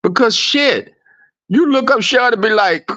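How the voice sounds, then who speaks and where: A very high-pitched man hosts a livestream at an unhurried pace. His chat with viewers is casual and profane, and he acts out quoted exchanges as he tells animated stories. The recording is dull lo-fi stream audio.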